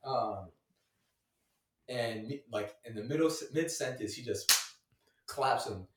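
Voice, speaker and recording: A man's voice: mid-range voice, slow pace, distant mic, very noisy. A young man tells a long story in a loose, rambling way, packing in fillers and breaking into laughter, his voice jumping up whenever he mimics someone. He sits a little off the mic, and the room adds a roomy echo. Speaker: storyteller in a casual conversation. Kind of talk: casual chat.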